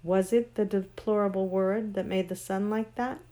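A woman's voice: medium pitch, fairly even intonation, moderate pace, dark tone, lightly acted. A woman doing a curious, uneasy young boy. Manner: hesitant, questioning. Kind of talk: storybook reading.

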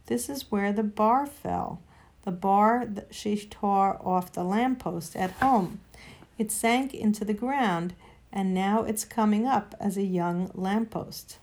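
A woman's voice: mid-range voice, takes it slowly, a little mellow. A woman reading aloud, voicing an earnest, fierce young boy in a storybook.

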